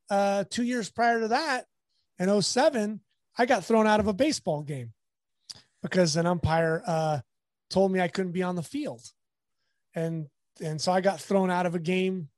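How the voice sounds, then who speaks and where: A man's voice: sits high, no echo. A man, a sports photographer, telling stories in a casual interview and acting out the people he quotes. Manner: animated storyteller, acts out quotes.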